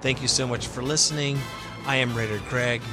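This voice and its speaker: A man's voice: medium pitch, fairly even intonation, brisk, music in the background. A man hosting a fan podcast, reading listener comments and ranting emotionally, swearing freely in a casual monologue.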